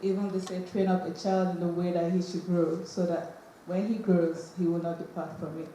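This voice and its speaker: A speaker giving a slow, earnest monologue on an auditorium stage. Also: mid-range voice, little pitch movement, dark tone. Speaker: monologue performer. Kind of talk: spoken monologue. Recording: echoey hall, faint hiss.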